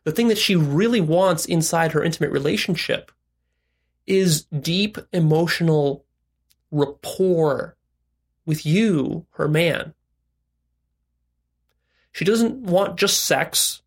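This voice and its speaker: A man's voice: fairly high pitch, takes it slowly, long pauses, slightly rough. A man giving frank, direct relationship and sex advice in a casual monologue, explaining step by step with "right?" asides.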